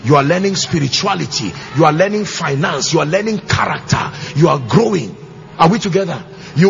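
A pastor preaching to his church, emphatic and sing-song, with shouted bursts and call-and-response questions. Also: high voice, gravelly. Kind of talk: sermon. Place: church auditorium with congregation. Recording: slightly muffled church recording, faint music.

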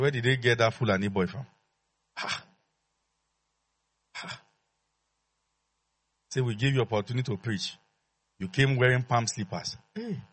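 A man's voice: mid-range voice, breathy edge. A man preaching a sermon as pastor, emphatic, repeating his phrases and leading call-and-response with the congregation.

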